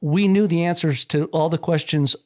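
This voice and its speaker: A man's voice: fairly high pitch, moderate pace. A middle-aged man, a wrestler's father, telling a long chatty story and acting out the quoted dialogue. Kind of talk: anecdotal storytelling.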